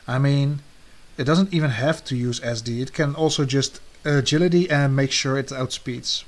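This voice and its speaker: Male co-host, mid-pitched, laid-back conversational delivery. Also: normal speed. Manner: relaxed, trails off with soft endings. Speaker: co-host ranking draft teams. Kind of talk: casual podcast chat.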